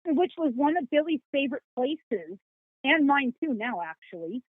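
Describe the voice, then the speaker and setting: Woman, high voice, folksy storyteller, animated, tinny phone-like sound. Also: moderate pace, no room sound. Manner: animated, folksy storytelling with quoted dialogue and laughs. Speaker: psychic guest. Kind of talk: storytelling in a podcast interview.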